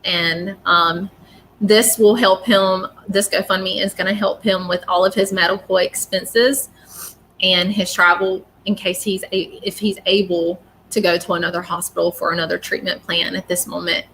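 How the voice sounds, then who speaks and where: A woman's voice: fairly low pitch, flat delivery, normal speed, a bit bright, a little hiss or hum. A woman talking casually and emotionally on a live stream, apologetic and rambling as a psychic reader.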